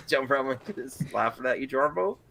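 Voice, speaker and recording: A man's voice: mid-range voice, measured pace, vocal fry, a crowd in the background. A man hosting a casual movie chat show over a call, laughing and wrapping up the episode. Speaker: show host.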